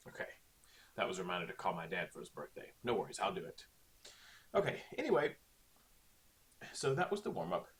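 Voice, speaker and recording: Male teacher, low voice with lively swings, chatty and explanatory, recorded at a desk. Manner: chatty, explains with frequent "okay?" checks. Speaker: Spanish teacher. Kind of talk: recorded online lesson.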